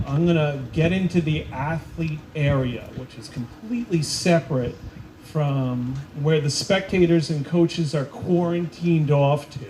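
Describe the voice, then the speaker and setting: A man coach speaks at a school ceremony with a somewhat higher voice, telling stories and acting out the people in them. Faint room ambience sits behind him. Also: background noise. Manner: animated storytelling with voiced quotes. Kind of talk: ceremony speech with anecdotes. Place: school event space.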